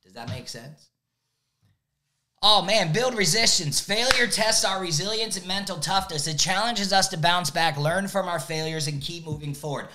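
A man who coaches youth sports, giving an energetic motivational talk and checking in with "right?" again and again. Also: high-pitched, normal speed. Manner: energetic, repeats "right?" often.

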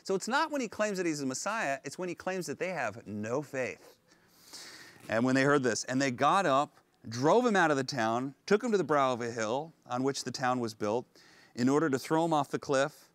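A male pastor preaching a sermon on location, retelling a story in an animated, conversational way. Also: mid-range voice, moderate pace, no room sound. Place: on location at an ancient synagogue.

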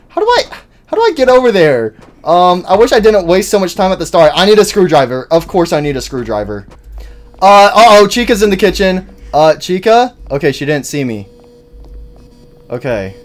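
Jittery young man yelling through a horror game. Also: a little hiss or hum. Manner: rambling and jittery, bursts into high-pitched panicked yelling. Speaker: gaming channel host. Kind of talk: horror game let's-play commentary.

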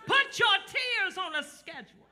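A male pastor preaching a sermon to a live church congregation, building up to shouts and teasing the crowd into responding. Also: very high-pitched, expressive, a little slow.

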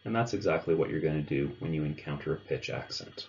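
A man with a very low, deep voice explains pronunciation step by step in a clear, measured way. The recording sounds a little dull and lo-fi. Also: lively intonation, darkish tone, a little hiss or hum. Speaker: language teacher. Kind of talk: instructional narration.

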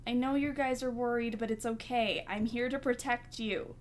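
A woman's voice: a little high, steady tone, moderate pace, hardly any pauses, a little hiss or hum. A woman hosting a horror game let's play, jumpy and nervous, laughing through scares and chatting with her viewers. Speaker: gaming channel host.

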